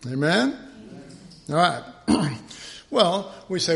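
A man's voice: a little high, sing-song, slow pace, vocal fry, a bit bright. A man preaching a humorous sermon, acting out dialogue and drawing a diagram as he speaks. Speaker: pastor. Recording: roomy echo.

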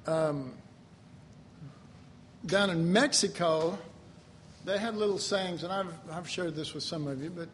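A man preaching a sermon in an animated way, laughing often and bursting into loud shouts. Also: high voice, a little hiss or hum.

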